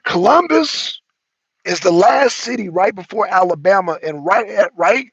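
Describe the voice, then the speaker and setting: A man's voice: high voice, sing-song, a little slow, fairly bright tone, breathy edge, no echo, highs cut off. A man hosting a casual livestream talk show, rambling and slangy, often repeating himself.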